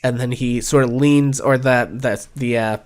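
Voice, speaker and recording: A man narrating a tabletop game as game master, relaxed and halting with many fillers. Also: medium pitch.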